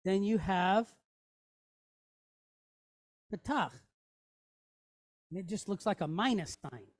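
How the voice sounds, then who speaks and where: A woman's voice: medium pitch, animated, takes it slowly, dry recording, studio quality. A woman teaching a class in a chatty way, often checking in with "okay?" and "right?". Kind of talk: classroom lesson.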